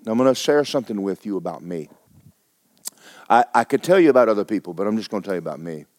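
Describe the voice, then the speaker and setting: A middle-aged man preaching a sermon as pastor, telling a personal story with stammering restarts and sudden swings between hushed and loud. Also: fairly low pitch, big pitch swings, fast talker, no room sound, clean studio sound.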